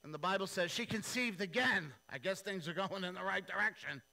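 A male pastor preaches with a bright, forceful voice pitched slightly high. He tells the story playfully, with slang and quick asides. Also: poor audio. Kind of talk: sermon with acted-out storytelling.

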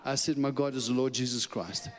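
A man preaching as a guest speaker, telling a personal story with lively, chuckling asides in which he acts out his own thoughts. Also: mid-range voice, brisk. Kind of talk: sermon storytelling. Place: church sanctuary. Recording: long church hall reverb.

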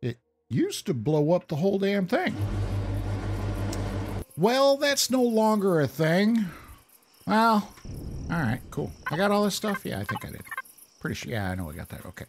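Guy narrating his game run, chatty, talks to himself, pitch all over the place. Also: wildly swooping pitch, fast talker, background noise. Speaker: gameplay commentator. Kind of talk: casual let's play commentary.

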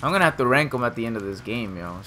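A young man commenting on his own gameplay in a lively, up-and-down voice. He trash-talks the other players and breaks into sudden shouts. Game noise runs clearly underneath him. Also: medium pitch. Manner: trash-talking, excitable, quick swings to shouting. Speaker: gameplay streamer. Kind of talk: casual live commentary over gameplay.

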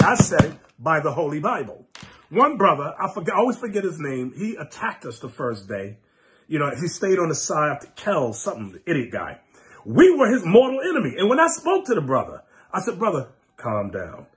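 A man preaching a fiery, mocking sermon, scolding his listeners with sudden shouts. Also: fairly high pitch, very animated, brisk. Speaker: preacher and teacher.

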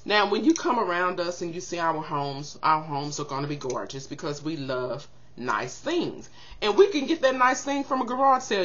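An older woman chatting casually to camera, giving zodiac advice in an animated, expressive way and acting out quotes. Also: on the low side, lo-fi sound, a little hiss or hum.

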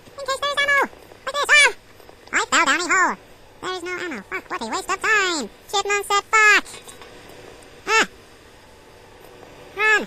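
Squeaky chipmunk gamer. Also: male voice, heavy background noise. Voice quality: squeaky, chipper. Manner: chatty, talks to enemies and himself. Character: hyper cartoon male chipmunk gamer. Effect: chipmunk pitch-up. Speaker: let's play commentator. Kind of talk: game commentary in character.

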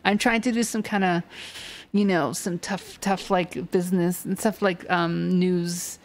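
A woman's voice: fairly low pitch, fairly even intonation, a little slow. A woman streaming a video game, chatting casually and laughing at herself. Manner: giggly, self-mocking.

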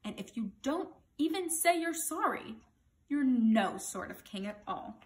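A woman's voice: high-pitched, very animated, unhurried, darkish tone. A woman voicing a bold, blunt young boy who serves a king, speaking earnestly and outspokenly. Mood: stern.

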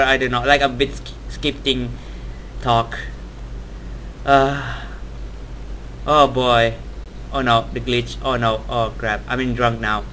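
A man's voice: mid-range voice, takes it slowly, pauses often, sharp tone, a little hiss or hum, rough recording. A young man playing a horror video game, reacting with panic, talking to the game and screaming at jump scares, in non-native English phrasing. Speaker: gamer. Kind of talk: horror game let's play commentary.

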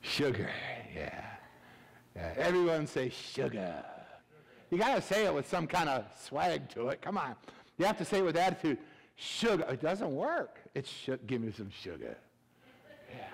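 A middle-aged male pastor preaching a humorous sermon, animated and joking, swinging between loud bursts and hushed asides. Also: fairly high pitch. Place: church sanctuary. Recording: reverberant church hall.

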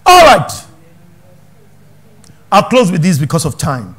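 Nigerian male pastor preaching, high-pitched and lively, hushed asides and shouted questions. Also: slow, long pauses, slightly rough. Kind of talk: sermon.

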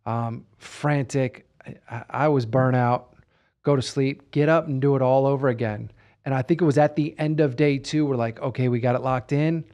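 A middle-aged man co-hosting a podcast, recounting events in casual conversation with halting restarts. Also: mid-range voice, fairly even intonation, a little mellow. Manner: halting, with repeated starts. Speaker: podcast co-host.

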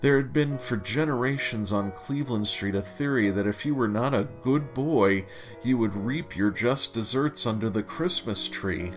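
A man reading a humorous memoir story aloud with a dry, deliberate, wry delivery. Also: mid-range voice, a bit bright. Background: faint guitar music.

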